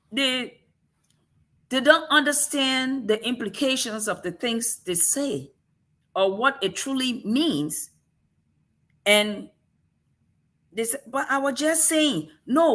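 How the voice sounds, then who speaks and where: A woman from Africa speaks with an African accent in a fairly high, slightly bright voice. She hosts a casual talk-show discussion, driving her points home with pointed rhetorical questions.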